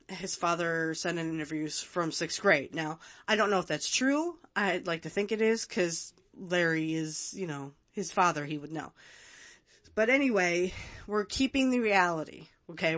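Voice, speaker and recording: A woman's voice: on the low side, measured pace, a bit bright. A woman hosting a casual watch-along podcast, chatty and rambling, often breaking into laughs. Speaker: podcast host.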